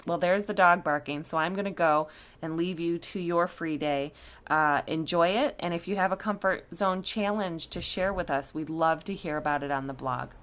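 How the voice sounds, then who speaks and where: Woman, low voice, coach, candid personal storytelling, fillers and self-corrections. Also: fairly bright tone. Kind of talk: personal story told to listeners.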